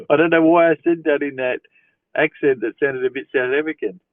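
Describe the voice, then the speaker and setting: A man's voice: fairly high pitch, fairly even intonation, fairly quick, no echo. Easygoing man on a tinny phone stream. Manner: easygoing, amused, chuckles often, reads viewer questions aloud. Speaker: livestream host answering chat. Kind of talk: casual live Q&A chat. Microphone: phone livestream. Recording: dry, tinny phone-like sound.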